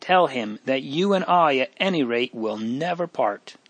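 A tender young girl who begs and worries, her words heavy with feeling, voiced by a man reading aloud. The pitch sits above an ordinary man's level. The recording is dry and close. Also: unhurried, dry recording, close to an everyday voice. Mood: pleading. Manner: raised pitch, emotional pleading.

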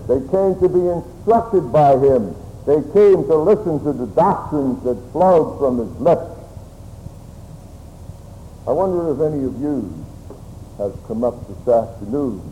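A man preaching a sermon slowly and solemnly, with old-fashioned phrasing. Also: mid-range voice, mellow. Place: church. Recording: church hall reverb with faint room noise.

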